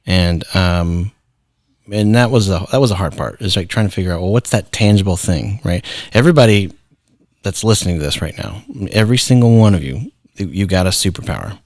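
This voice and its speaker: A middle-aged man with a very deep, low voice tells his story in an easy, conversational way. He slips into the voices of the people he quotes. The sound is dry and close to the mic. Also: fairly quick, a little mellow, dry recording. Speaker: guest, founder and artist. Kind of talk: casual storytelling interview.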